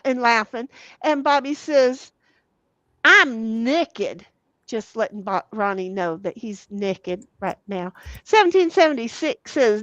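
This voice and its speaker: High-voiced woman livestreamer reading chat. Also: animated, measured pace, a bit bright, no room sound, lo-fi sound. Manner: salty, swears freely, giggly. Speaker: livestream host. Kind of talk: casual livestream chat, reading comments aloud.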